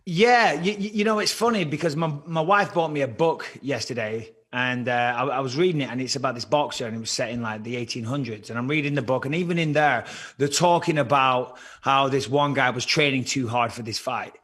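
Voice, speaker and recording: A man's voice: mid-range voice, fairly quick, fairly bright tone. A man with a Liverpool accent, a former fighter telling rambling, swear-filled stories as a podcast guest. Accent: British, Liverpool. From born in Cyprus on a British army base, raised in England. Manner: swears a lot, rambling storyteller. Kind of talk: casual podcast chat.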